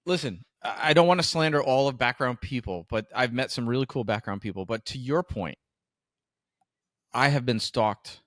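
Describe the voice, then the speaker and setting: A man co-hosting a podcast about stunt work, explaining how film sets work in a relaxed way and chiming in on his partner's stories. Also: mid-range voice, moderate pace, no echo, studio quality. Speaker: podcast co-host, stunt performer. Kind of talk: casual chat.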